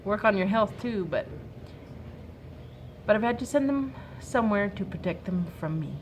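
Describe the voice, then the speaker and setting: A woman in her thirties giving an earnest, soft-spoken faith-based advice talk to other mothers. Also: mid-range voice, animated, normal speed, heavy background noise. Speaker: mom sharing a workshop talk.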